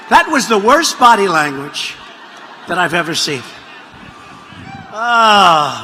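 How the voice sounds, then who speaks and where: A man holds forth at a political rally in a high, bright, forceful voice that swings widely in pitch. He rambles and mocks, circling back to repeat his own lines. The sound rings with the long reverb of a large venue. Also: sing-song, measured pace, slight background noise. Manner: rambling, mocking, repetitive asides. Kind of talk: rally speech. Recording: reverberant hall audio.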